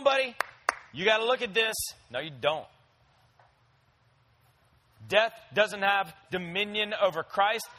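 A man's voice: sits high, sharp tone, low-quality recording. A young man preaching a sermon in a conversational, storytelling way, talking straight to his listeners. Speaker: pastor.

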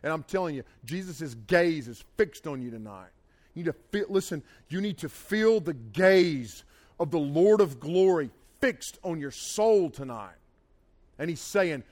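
A man's voice: on the high side, lively intonation, a little slow, darkish tone. A man preaching a sermon, folksy and emphatic, with plain down-home phrasing. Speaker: pastor.

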